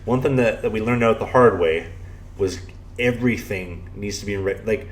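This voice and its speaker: A man's voice: fairly low pitch, moderate pace. Young man telling rambling stories. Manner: rambling storyteller, lots of "you know" and restarts. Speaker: podcast co-host, pro hockey goalie. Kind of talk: casual podcast chat.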